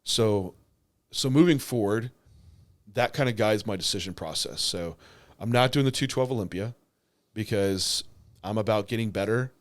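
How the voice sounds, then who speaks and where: Low-voiced young man chatting casually. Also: moderate pace, long pauses. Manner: rambling, lots of filler words and restarts. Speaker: bodybuilder and podcast co-host. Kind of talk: casual podcast chat.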